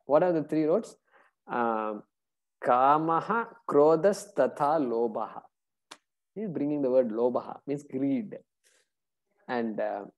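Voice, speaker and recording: Mellow-toned scripture teacher telling a story. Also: medium pitch. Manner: storytelling with many fillers, chanting verses. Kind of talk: classroom lecture on scripture.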